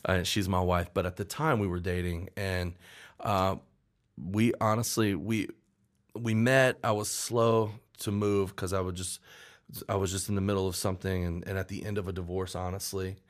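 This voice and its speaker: A man's voice: deep voice, level tone, normal speed. A man in his forties, a songwriter guest, telling a candid, rambling story in a casual interview, acting out what people said. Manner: candid, rambling, with restarts and acted-out quotes.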